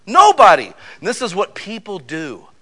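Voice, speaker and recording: A man's voice: a little high, moderate pace. A man preaching a sermon, telling folksy stories with lots of rhetorical questions and asides like "you know" and "man.". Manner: animated storytelling with rhetorical questions. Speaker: pastor.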